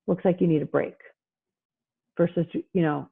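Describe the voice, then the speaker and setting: With a lowish, slightly husky voice at a moderate pace, a woman psychologist gives an energetic talk about parenting. She acts out quotes, switching into playful voices for parents and children, and the sound comes through thin and tinny, as on a video-call phone line.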